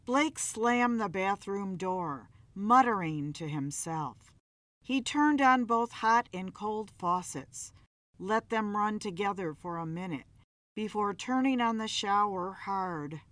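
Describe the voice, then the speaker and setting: Slow, dramatic woman storyteller. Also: mid-range voice, lively intonation, fairly bright tone, dry recording. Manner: measured, dramatic reading. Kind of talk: storybook narration.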